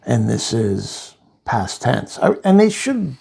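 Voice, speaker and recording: A man casually reviewing a comic book, rambling through the plot with asides, in a gravelly voice. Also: mid-range voice, big pitch swings, slow, warm tone.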